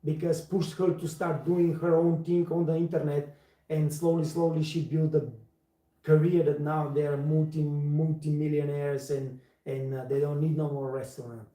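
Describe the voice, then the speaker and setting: Guy on a live stream, mellow voice, kinda high, repeats himself for emphasis, echoey room. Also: level tone, normal speed. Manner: emphatic, repeats words for stress, non-native phrasing. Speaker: livestream host and waiter trainer. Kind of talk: casual livestream talk.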